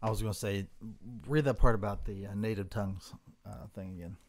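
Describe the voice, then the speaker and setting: Lower-voiced man telling a church story. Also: brisk, darkish tone. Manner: tells stories, briefly mimics voices. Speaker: podcast co-host. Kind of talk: casual chat, storytelling.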